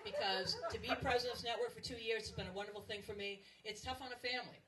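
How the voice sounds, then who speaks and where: A woman's voice: a little high, fairly even intonation, very fast. A woman in her fifties gives a joking farewell speech as the outgoing president and emcee. She mocks herself and uses a lot of fillers. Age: 50s. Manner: self-mocking and joking, with many fillers. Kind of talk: humorous farewell speech at an event. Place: large banquet room with a laughing audience. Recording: distant, noisy recording over a loud crowd.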